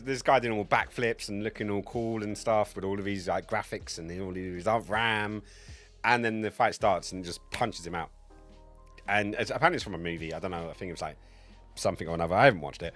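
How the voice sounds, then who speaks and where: A man's voice: fairly low pitch, fairly bright tone. A man in his thirties chatting casually on a game livestream, rambling, crude and joking. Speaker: game streamer.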